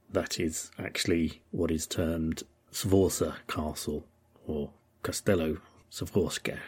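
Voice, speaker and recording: A man's voice: a bass voice, slightly rough. An English man hosting a history podcast, talking through the topic in a thoughtful, rambling way with many ums and uhs. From England. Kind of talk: informal history commentary.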